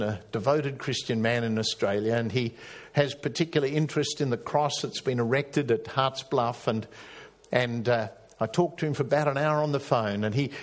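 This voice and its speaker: A man preaching a sermon, telling a story with emphatic rises and hushed drops. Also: on the high side. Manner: storytelling, rising to emphatic peaks and dropping to hushed tones.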